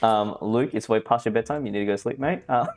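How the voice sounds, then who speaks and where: A man's voice: lowish voice, quick pace, faint music behind. A man casually co-hosting a livestream of a card game tournament, chatty and laughing often, greeting viewers in chat. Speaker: co-host and commentator.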